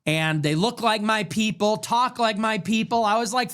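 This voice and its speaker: A young man hosts his own livestream, ranting about the news and cracking sarcastic, mocking jokes. His voice is high and a bit bright with a clean tone, and he keeps a moderate pace.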